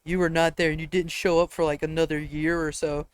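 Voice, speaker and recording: A man's voice: fairly high pitch, flat delivery, brisk, smooth, no room sound. A young man co-hosting a casual podcast, telling laid-back anecdotes with chuckles. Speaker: podcast co-host. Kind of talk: casual chat.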